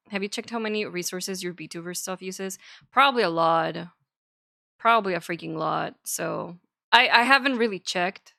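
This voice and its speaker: A woman's voice: fairly low pitch, normal speed, creaky, bright, forceful tone, dry recording, clean studio sound. A woman streamer ranting in casual chat to her viewers, swearing a lot and sounding exasperated.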